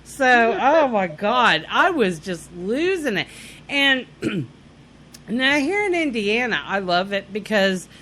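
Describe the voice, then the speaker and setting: A woman spins a story on a casual podcast, laughing often and bursting into shouted quotes. Her voice sits high and bright. It swings widely in pitch. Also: very animated, slow, a little hiss or hum. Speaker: podcast co-host. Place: lives in Indiana.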